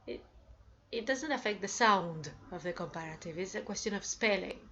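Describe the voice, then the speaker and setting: In a lesson on English comparatives, a woman stretches her examples out slowly and keeps prompting the class in an upbeat, cheerful way. Her medium-pitched voice sounds sharp, and the lo-fi recording carries a little hiss or hum.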